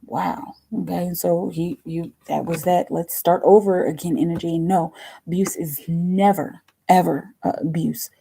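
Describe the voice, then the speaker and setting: A woman hosting a live tarot reading stream, talking casually in a slow, halting way, repeating words and murmuring to herself as she shuffles. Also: on the low side, fairly even intonation, vocal fry, warm tone, a little hiss or hum, rough recording.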